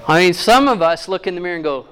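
A man with a fairly high voice preaching a sermon. He reads scripture in slow, weighty phrases and then slips into easy, joking asides. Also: expressive, background noise. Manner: reads scripture slowly, then jokes warmly with the crowd.

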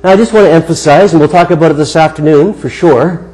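A man preaching a sermon, telling a personal story in an earnest way with emphatic pauses. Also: fairly high pitch, dark tone, poor audio. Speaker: guest preacher.

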